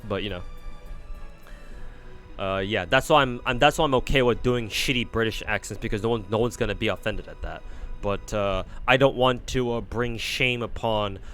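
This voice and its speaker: A man's voice: fairly low pitch, moderate pace, fairly bright tone, faint music behind. A man streaming a game reading, talking casually in a rambling, self-deprecating way with swearing and frequent restarts. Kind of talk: casual live-stream commentary.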